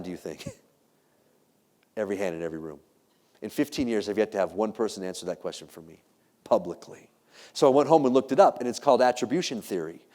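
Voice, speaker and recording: Warm, animated male keynote speaker. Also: medium pitch. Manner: animated storytelling, rhetorical questions to the audience. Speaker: keynote speaker and ethics teacher. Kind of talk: motivational keynote talk.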